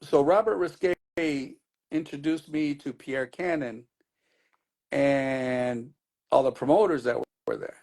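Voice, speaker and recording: A man's voice: mid-range voice, takes it slowly, a little mellow. A middle-aged man, a DJ being interviewed, telling his story in a loose, rambling way with many restarts. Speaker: DJ guest.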